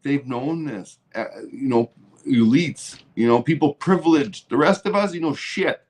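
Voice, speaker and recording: A man's voice: medium pitch, moderate pace, darkish tone. A Canadian man hosting his own show, ranting angrily and swearing heavily, now and then mocking others in sarcastic voices. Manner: profane and heated, mocking voices. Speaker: livestream host. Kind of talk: angry political rant.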